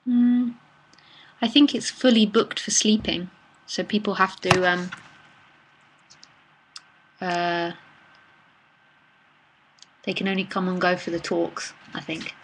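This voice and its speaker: A woman hosting a casual live-streamed talk, reading out viewers' messages and answering them in a relaxed, chatty way with soft murmured asides. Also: fairly low pitch, takes it slowly, pauses often, a little hiss or hum. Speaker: nonduality speaker answering live chat questions.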